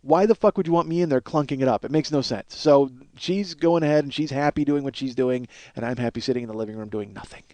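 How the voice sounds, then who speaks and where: A man's voice: medium pitch, quick pace, hardly any pauses, darkish tone, no echo. A man hosting a podcast, telling a rambling, profane comic story with mounting exasperation. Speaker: podcast host.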